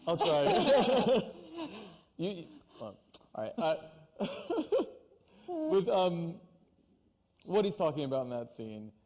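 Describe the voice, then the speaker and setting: A man's voice: high voice, big pitch swings, slow pace, pauses often, darkish tone, big-room sound. A man interviewing on stage, asking rambling questions and repeating words as he goes. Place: on a stage before an audience.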